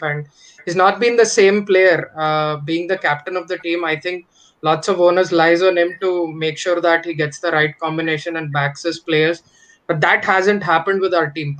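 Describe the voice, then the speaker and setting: A man on a cricket analysis panel, giving his view in a measured way after a few hesitant restarts. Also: on the high side, a bit bright, low-quality recording. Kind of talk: post-match analysis panel.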